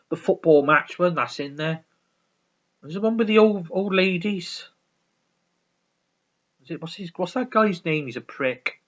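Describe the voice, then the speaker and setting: In a dull lo-fi recording, a man with a fairly bright, higher-pitched voice reviews a sitcom in a casual vlog chat. His talk rambles along with swearing, frequent stumbles, and laughter.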